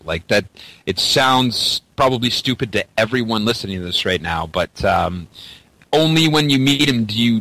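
A man's voice: lowish voice, sharp tone, no room sound, poor audio. A man from Canada telling a story in casual chat, rambling with many restarts and casual swearing. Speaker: podcast guest.

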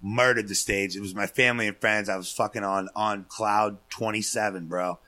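This guest on a podcast speaks in a lowish voice at an unhurried pace, telling an extended story in a relaxed way. He curses openly and gets animated, voicing the quotes of the people involved.

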